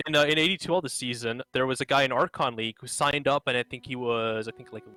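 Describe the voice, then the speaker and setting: A man's voice: mid-range voice, pushed and bright. A young man rambling through casual post-game talk as a co-caster, filling his sentences with "like". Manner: rambling, heavy use of "like".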